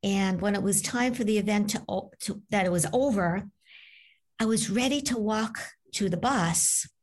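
A woman, a medium and author, telling a personal story as an interview guest, animated and acting out the voices of the people in it. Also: mid-range voice, normal speed. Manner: animated, acts out voices in her stories. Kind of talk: conversational storytelling.

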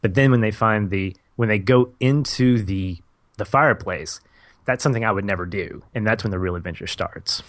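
A man's voice: fairly low pitch, moderate pace, fairly bright tone, no room sound. A man co-hosting a podcast, enthusiastically recounting favorite movie scenes and teenage memories, laughing mid-sentence. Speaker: podcast co-host. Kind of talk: casual movie discussion.

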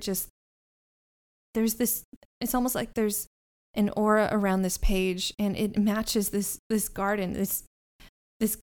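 Brief: woman voicing a scared little boy, halting and stammering, for a tabletop game. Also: mid-range voice, close to an everyday voice. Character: frightened young boy, timid and shaken.

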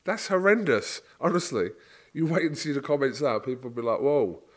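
A man's voice: a little high, lively intonation, brisk. A young English man hosting a casual chat, patiently and earnestly explaining things. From England.

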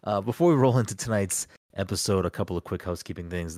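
Deep-voiced laid-back male podcast host. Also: fast, few pauses, a little mellow, no echo, studio quality. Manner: loose, joking, swears freely. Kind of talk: casual chat.

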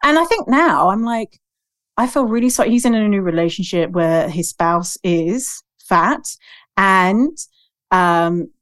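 A woman's voice: mid-range voice, expressive, measured pace, a bit bright, clean tone, no room sound, studio quality. A woman guest on a podcast, talking candidly and emphatically, swearing freely. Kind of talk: candid conversational podcast talk.

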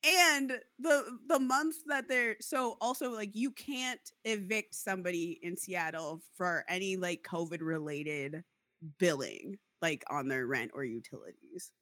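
A woman's voice: fairly low pitch, measured pace, no room sound. A woman in casual chat, angrily telling a story about a landlord dispute and acting out both sides. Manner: indignant, animated storytelling with mock quotes. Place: Seattle area.

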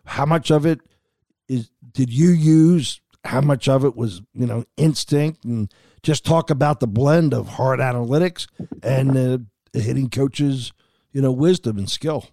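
A male host asks easygoing, open questions in a gravelly voice. The recording is dry and close. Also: medium pitch, measured pace, warm tone, no room sound. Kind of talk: interview chat.

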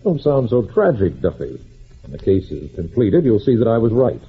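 A man's voice: fairly low pitch, sing-song, moderate pace, husky, exaggerated voice. An actor playing a smug, pushy male district attorney in a 1940s radio drama, curt and self-assured. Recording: tinny old radio broadcast.

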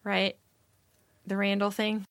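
A woman co-hosting a podcast in a casual chat, talking fast with wry asides. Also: medium pitch, completely flat delivery, dry recording. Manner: chatty, wry, quick asides. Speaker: podcast co-host.

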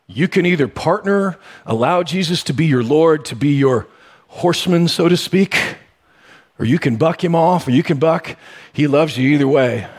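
A man delivers a sermon in a loose, conversational manner, slipping into stories and lively asides. His voice has a husky, slightly rough edge at an ordinary middle pitch. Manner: conversational storytelling with sudden animated bursts. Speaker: pastor.

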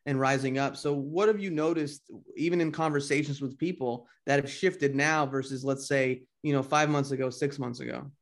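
A man's voice: mid-range voice, steady tone, moderate pace, hardly any pauses. A man co-hosting a podcast interview, talking casually and bluntly, swearing freely. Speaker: podcast co-host.

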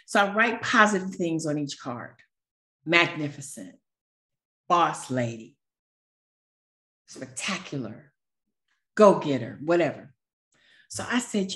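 Animated low-voiced woman telling a story. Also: measured pace, long pauses. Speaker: podcast guest. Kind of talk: casual storytelling.

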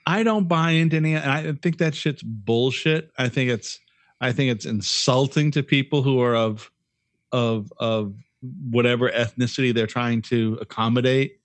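A man's voice: medium pitch, moderate pace, no room sound. A man co-hosting a podcast in casual chat, ranting bluntly and swearing a lot. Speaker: podcast co-host.

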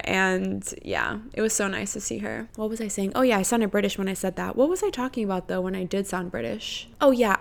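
A woman's voice: medium pitch, creaky. A woman in her twenties hosting a podcast, chatting casually in a rambling, freewheeling way and swearing freely. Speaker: podcast host. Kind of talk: casual chat.

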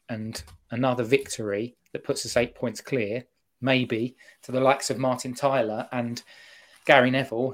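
A man giving his opinion in a casual football podcast chat, rambling and animated. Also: mid-range voice. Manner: animated, rambling fan talk.

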